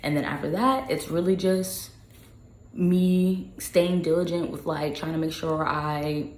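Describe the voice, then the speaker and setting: A woman's voice: deep voice, measured pace, a little mellow. A young adult woman, a social worker, talking casually and candidly about her work, swearing freely and filling her speech with "like". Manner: candid, frequent swearing, lots of "like" fillers. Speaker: social worker and podcast host. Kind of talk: casual personal talk. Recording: echoey room with faint hiss.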